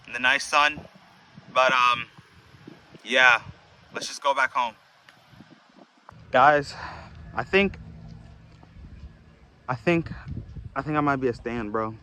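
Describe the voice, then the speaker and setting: A man's voice: medium pitch, sharp tone. A young man rambling casually in a vlog, slangy and swearing, calling his viewers bro. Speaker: video essayist.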